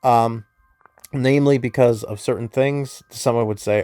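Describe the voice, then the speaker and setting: Man, gaming YouTuber, casual story recap, rambling, lots of fillers, mid pitch, dry sound. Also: fairly even intonation, a little slow, darkish tone, no echo. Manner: rambling, many fillers and self-corrections.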